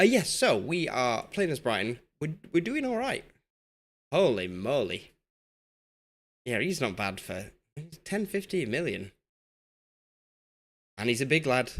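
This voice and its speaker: A man's voice: medium pitch, a bit bright. A young man from Yorkshire chatting casually while live-streaming a football management game and reading chat aloud. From Yorkshire, England.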